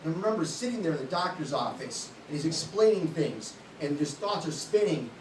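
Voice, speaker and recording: A man's voice: on the high side, expressive, fairly quick. A man in his late thirties doing a stand-up comedy set on a club stage, joking bluntly and crudely at his own expense. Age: late 30s. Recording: echoey room, distant mic, loud background noise.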